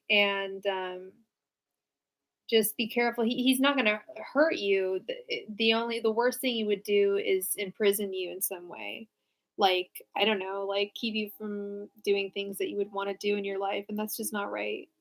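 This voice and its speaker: A woman's voice: mid-range voice, fairly even intonation, normal speed, a bit bright. A young woman giving casual live tarot readings, answering viewers in a frank, chatty way with lots of fillers and restarts. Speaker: tarot reader.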